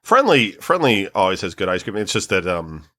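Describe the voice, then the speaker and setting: A man's voice: low voice, big pitch swings, moderate pace, bright, forceful tone. A man co-hosting a podcast in casual chat, rambling and swearing freely. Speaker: podcast co-host.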